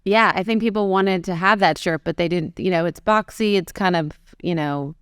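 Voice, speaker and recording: A woman's voice: lowish voice, smooth, dry recording, clean studio sound. A woman in her forties, a fashion designer, telling stories from her career in a casual interview. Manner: conversational, quick anecdotes with acted-out quotes.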